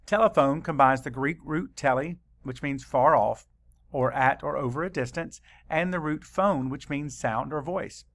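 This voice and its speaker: A male teacher leads a children's spelling lesson, saying each letter slowly and deliberately. His voice has a gravelly edge and a steady, unhurried pace. The sound is dry and close, with no room around it. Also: on the high side, dry recording.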